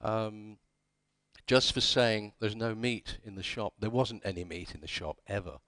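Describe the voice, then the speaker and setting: A man's voice: lowish voice, steady tone, unhurried, fairly bright tone, no echo. A man giving a conference talk, telling history as wry anecdotes and acting out the quoted dialogue. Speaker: conference speaker. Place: conference hall.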